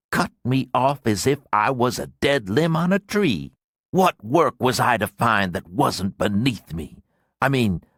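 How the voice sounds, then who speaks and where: Male voice actor for a vengeful dead man: gravelly, menacing, slow, very dry audiobook read. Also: no echo, full character voice. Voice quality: deep gravelly voice. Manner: menacing, speaks through clenched teeth. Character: vengeful dead man, cold, merciless, spiteful. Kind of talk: audiobook character voice.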